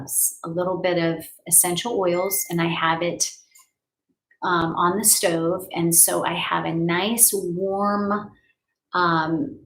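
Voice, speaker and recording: A woman life coach leads a live healing session from her home. Her voice sits low with a gravelly fry, and she guides breaths, sighs and spoken affirmations in a soothing, unhurried manner. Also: a bit bright, low-quality recording.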